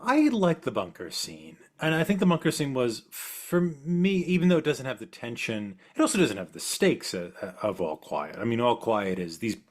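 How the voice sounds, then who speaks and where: A man co-hosting a casual film discussion, talking through his points in a thoughtful, measured way. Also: mid-range voice, big pitch swings. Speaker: podcast co-host.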